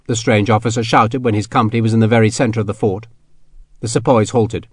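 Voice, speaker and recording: A man narrates an audiobook from a script, his storytelling steady and measured. His voice is medium-pitched, and the recording is dry with clean studio sound.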